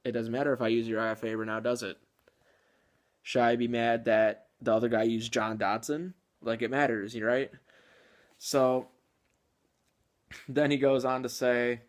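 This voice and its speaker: A man's voice: mid-range voice, level tone, moderate pace, pauses often. A man talks through his gaming stories in a loose, rambling way. He fills his sentences with filler words, restarts often and chuckles between points. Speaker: gaming channel host. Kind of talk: casual video game commentary.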